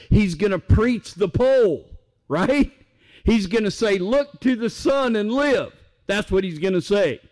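Slow-speaking preacher man, fairly high voice. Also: a little mellow. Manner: emphatic, asks questions and answers them. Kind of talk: sermon.

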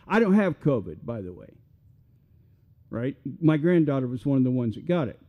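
A man's voice: mid-range voice, sing-song, moderate pace, narrow, tinny audio. An older man, preaching a sermon in a folksy, repetitive way full of rhetorical questions. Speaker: pastor.

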